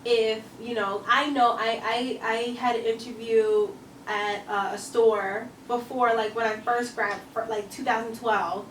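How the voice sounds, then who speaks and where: Higher-voiced woman co-host, lively storyteller, roomy distant recording. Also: measured pace. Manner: animated storyteller, acts out quotes. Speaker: podcast co-host. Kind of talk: casual chat. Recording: roomy, distant mic with faint noise.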